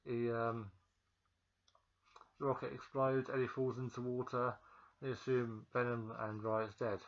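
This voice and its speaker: A man talks his viewers through a film's story in a loose, unscripted way, stopping for ums and restarting half-finished words. His voice sits at an average pitch for a man. The recording is dull and lo-fi, as if made on a simple home setup. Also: fairly bright tone. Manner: rambling and hesitant, many ums and restarts. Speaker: film reviewer. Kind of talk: casual spoken film recap.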